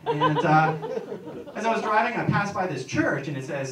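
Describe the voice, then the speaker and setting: A man's voice: on the high side, lively intonation, fairly quick, fairly bright tone. A young man doing a stand-up routine, telling stories in a rambling, self-mocking way, in an echoey room with a distant mic and background noise. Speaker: stand-up comedian.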